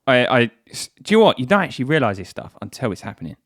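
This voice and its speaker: A man's voice: medium pitch, big pitch swings, very fast, a bit bright, no echo, studio quality. A man in his twenties co-hosting a podcast, rambling playfully in casual chat. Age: 20s. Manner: playful, rambling, silly riffs. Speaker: podcast co-host.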